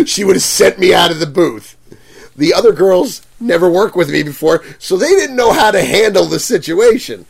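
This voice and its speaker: A man's voice: sits high, moderate pace, creaky. A man in casual conversation, retelling a run-in with a customer. He throws himself into the quoted lines, swears without hesitation and breaks into laughter as he talks. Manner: animated, acts out quotes, swears, laughs often. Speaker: convention vendor telling a story. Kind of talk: casual storytelling chat.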